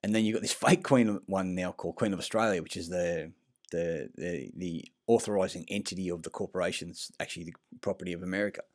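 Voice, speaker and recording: A deep-voiced man rambles through a self-recorded vlog, circling back on himself with fillers and false starts. He is blunt and swears freely. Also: fast. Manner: rambling, meandering, frequent fillers and restarts; blunt and profane. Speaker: vlogger. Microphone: self-recorded clip.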